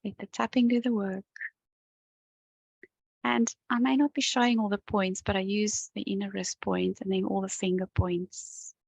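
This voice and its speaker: A woman leads a tapping session in a calm, unhurried way, her voice gravelly and a little husky. She speaks close to a dry-sounding mic with no room echo, stopping now and then to yawn or sigh as she relaxes. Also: medium pitch. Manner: gentle, calm, talks the viewer through each step. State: yawning and sighing as she relaxes. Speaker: EFT tapping coach. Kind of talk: guided tapping session to camera.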